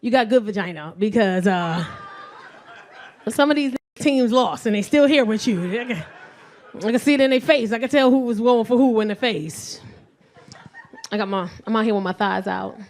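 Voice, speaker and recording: A middle-aged woman works a comedy club stage with a high, bright voice. She tells blunt, profane stories on a handheld mic and laughs often as she goes. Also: moderate pace. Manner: brash, profane storytelling with frequent laughter. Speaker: stand-up comedian. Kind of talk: stand-up comedy set. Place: comedy club stage before a live audience.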